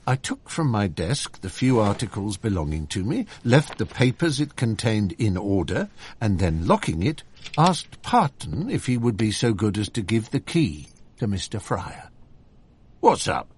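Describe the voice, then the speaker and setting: A man narrating an audiobook in an expressive, measured storytelling manner. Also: fairly low pitch, a little hiss or hum.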